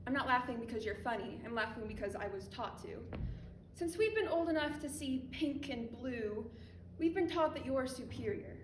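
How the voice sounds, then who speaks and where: A woman's voice: high voice, a little hiss or hum. A teenage girl performing a spoken word poem on a school theatre stage in a defiant, impassioned manner. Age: teens. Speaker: student poet. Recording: echoey hall from a distance.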